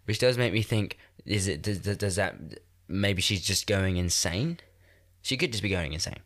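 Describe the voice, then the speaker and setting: Podcast host, twenties, stuffed-up nasal cold voice, low-pitched, loose self-mocking ramble. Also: male voice, lively intonation, moderate pace, a bit bright. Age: 20s. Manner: rambling, self-deprecating, laughs often. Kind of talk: casual chat. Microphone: new podcast microphone.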